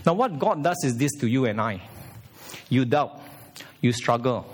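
A man preaching a sermon as pastor in a church, animated, with pitch shifting for emphasis and acted quotes. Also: moderate pace, slightly rough.

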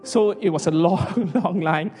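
A man preaching an emotional sermon as a pastor, earnest and halting, often restarting his sentences. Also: high-pitched, a little mellow, big-room sound, soft background music. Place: hall.

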